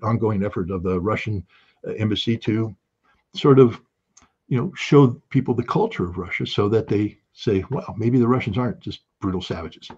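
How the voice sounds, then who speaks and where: A man giving an impassioned political monologue as a show host, emphatic and repetitive, with bursts of forceful insistence. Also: lowish voice, husky, highs cut off. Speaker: political commentator.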